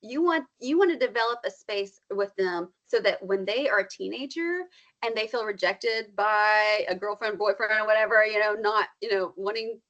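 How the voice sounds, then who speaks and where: Animated woman counselor, lo-fi sound. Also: moderate pace. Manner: animated, acts out quoted feelings with big pitch jumps. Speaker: counselor guest. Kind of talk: casual podcast conversation. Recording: slightly dull lo-fi sound.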